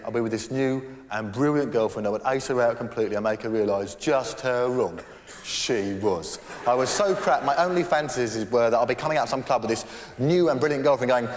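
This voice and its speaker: A man doing live stand-up on a theatre stage, rambling and self-deprecating with halting restarts. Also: mid-range voice, slight background noise. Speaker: stand-up comedian. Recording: echoey theatre with crowd. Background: audience laughter.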